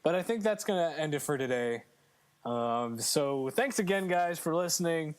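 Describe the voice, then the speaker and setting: A man's voice: fairly high pitch, animated, moderate pace, clear, resonant tone. A man co-hosting a casual gaming podcast, chatty and joking with frequent fillers. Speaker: podcast co-host. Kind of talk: casual chat.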